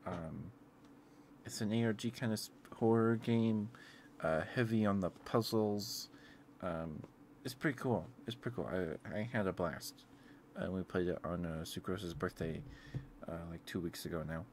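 Laid-back deep-voiced male streamer. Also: a little slow, slight background noise. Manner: laid-back, meandering, soft-spoken. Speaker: ASMR streamer. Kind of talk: casual chat with stream viewers.

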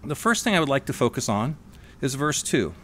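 A man giving a sermon in a church, stressing single words and slowing on key phrases. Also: mid-range voice, big pitch swings, a bit bright. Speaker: sermonette speaker. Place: church hall.

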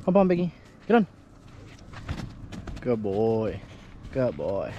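A man's voice: on the low side, huge pitch swings, slow pace, muffled recording, very noisy. A man chatting casually to camera while out on a lake, talking affectionately to his dog between comments. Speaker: vlogger. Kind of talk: casual outdoor vlog chat. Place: small boat on a lake outdoors.

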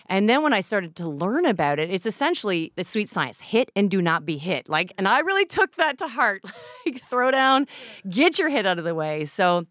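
A woman in her forties speaks in an ordinary middle-pitched voice, chatting candidly about her life in boxing. She tells her stories with animation and laughs often. The sound is close and dry, with no room around it. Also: sing-song, normal speed, a bit bright, no room sound. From Canada. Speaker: boxing coach and former boxer. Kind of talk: casual interview chat.

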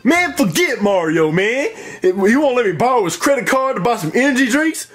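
A man's voice: very high voice, very animated, moderate pace, loud music behind the voice. A man voicing a lazy, slangy male gamer creature who keeps calling people "folk" and pleads in a whiny way. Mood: sulky.

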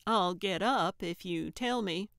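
A woman's voice: lowish voice, takes it slowly, a bit bright, no echo, studio quality. A woman voicing a blunt, stubborn old New England woman sleuth in an audiobook. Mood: blunt defiance. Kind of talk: audiobook character voice.

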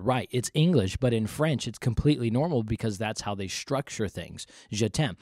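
A man's voice: mid-range voice, brisk, few pauses, a little mellow, no room sound. Guy doing a bible teaching podcast, earnest, keeps repeating stuff for emphasis, dry close sound. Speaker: podcast host.

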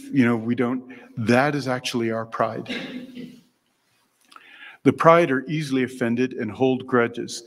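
A man's voice: medium pitch, big-room sound. A man giving a devotional talk to an audience, telling personal stories earnestly and acting out his own thoughts. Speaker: speaker giving a religious lecture. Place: meeting room before an audience.

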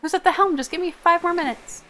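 A woman voicing a sleepy, boastful male seagull sailor in a loud, theatrical pirate manner. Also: extremely high pitch, fast talker, slight background noise, voice pushed up. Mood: bossy.

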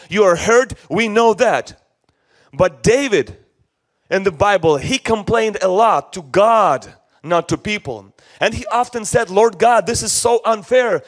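Pastor, male, high voice, slow deliberate sermon delivery, earnest and repetitive, Russian native speaker. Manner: earnest, repeats phrases, speaks in short phrases. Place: church.

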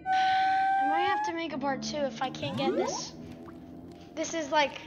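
A woman's voice: extremely high pitch, wildly swooping pitch, measured pace, lo-fi sound. A woman commenting on her own gameplay for viewers, exasperated and frustrated by the game. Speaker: gaming video creator. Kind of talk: let's play commentary. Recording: loud game music behind.

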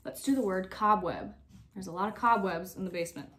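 A young woman teacher giving slow, clear, step-by-step instructions in a phonics lesson for young children. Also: medium pitch, fairly bright tone.

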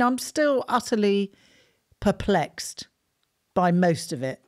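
Lively bemused woman, middle-aged. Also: medium pitch, takes it slowly. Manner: musing, bemused, trails off mid-sentence. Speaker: podcast co-host, the host's mum. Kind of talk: casual chat.

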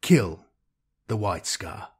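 A man's voice: lively intonation, extremely slow, husky, heavily acted. A man voicing a menacing tyrant warlord. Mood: cold. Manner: commanding, deepening to a low growl.

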